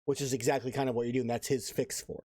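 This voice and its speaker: A man's voice: mid-range voice, level tone, quick pace, mellow, slightly rough, no echo. Blunt man, dry close sound. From California. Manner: blunt, swears freely. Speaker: podcast co-host. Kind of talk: casual chat.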